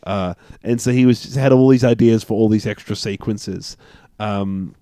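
A man's voice: lowish voice, moderate pace, dark tone, no room sound, clean studio sound. A man co-hosting a film podcast in casual chat, enthusiastic and easygoing. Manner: enthusiastic, easygoing, backchannels a lot. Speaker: podcast co-host.

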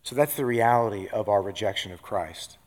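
A man's voice: on the low side, a little fast. A pastor preaching a sermon in a conversational way, often checking in with his listeners by asking "right?".

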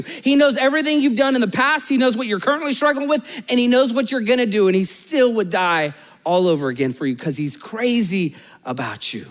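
A man pastor preaching a sermon, telling stories and acting out the people in them, rising high in the anecdotes and dropping soft in the appeals. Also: fairly quick, hardly any pauses, in a large hall. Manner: storytelling, voices characters in anecdotes; animated, rises high and loud in stories, drops low and soft for appeals.

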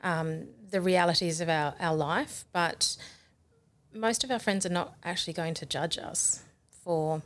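A woman's voice: on the low side, measured pace. A woman who is a guest in a studio interview, speaking in an upbeat, encouraging way.

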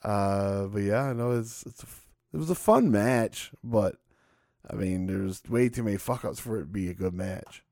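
A man's voice: lowish voice, normal speed, dark tone, no echo, studio quality. A man co-hosting a casual podcast, recapping matches with frequent laughs and swearing. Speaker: podcast co-host. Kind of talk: casual chat.

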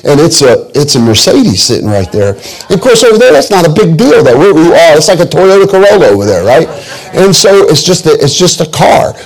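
A man's voice: a little high, very animated, fairly quick, low-quality recording. A pastor preaching a sermon, telling joking, folksy stories and often restarting his sentences.

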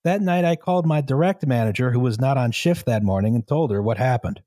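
A man reading a story aloud to a co-host in a measured, steady way, now and then breaking into laughter. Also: medium pitch, dry recording, clean studio sound. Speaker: story reader.

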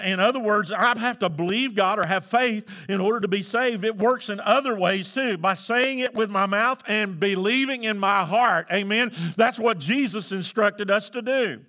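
A man preaching from the pulpit in a bright, forceful voice. He calls out to the congregation for answers and climbs into shouted emphasis. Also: high voice. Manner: preaching with call-and-response, rising to shouts. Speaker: pastor. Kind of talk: sermon.

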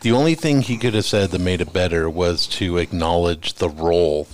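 A man's voice: low voice, normal speed, a little mellow. A man who was once a sports announcer, chatting on a podcast in a self-deprecating, jokey way. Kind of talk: casual chat.

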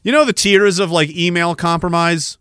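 A man's voice: high voice, moderate pace, pushed and bright, clean tone, dry recording, studio quality. A man hosting a podcast, ranting sarcastically and with a lot of profanity while reading out messages. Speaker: podcast host.

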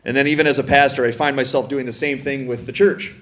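A man preaching a sermon as pastor, playful and teasing with gentle humor. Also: medium pitch, steady tone, quick pace, few pauses, a little hiss or hum. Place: church sanctuary. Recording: echoey church room.

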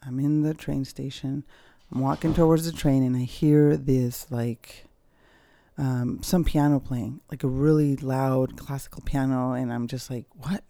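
Gravelly, candid woman musing on her podcast. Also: rumbling low, steady tone, a little slow, dark tone, dry recording. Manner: candid, rambling, with frequent fillers and restarts. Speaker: podcast host. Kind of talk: personal reflective monologue. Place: at home, dogs nearby.

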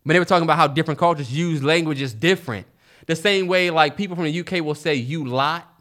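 A young man with a DMV accent, co-hosting a podcast in casual, animated chat. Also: fairly high pitch. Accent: DMV African American English. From DC-Maryland-Virginia area. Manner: animated, laughs often, quick back-and-forth. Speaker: podcast co-host.

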